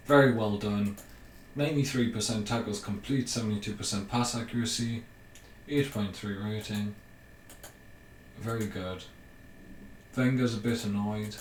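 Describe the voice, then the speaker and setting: A young man giving casual commentary over a video game he is playing, thinking aloud with ums and bursts of excitement. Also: on the low side, unhurried, long pauses. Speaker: gaming YouTuber. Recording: roomy, mic at a distance, faint hiss.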